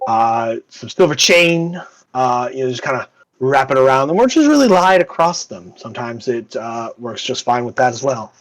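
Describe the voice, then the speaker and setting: A man's voice: medium pitch, normal speed, poor audio. Game master man narrating with energy. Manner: animated, full of fillers.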